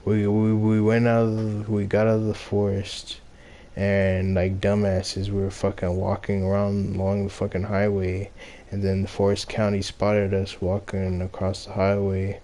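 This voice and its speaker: A young man from Los Angeles casually tells a story, rambling with many fillers and a lot of swearing. His voice is fairly low, monotone and warm, at a normal speed.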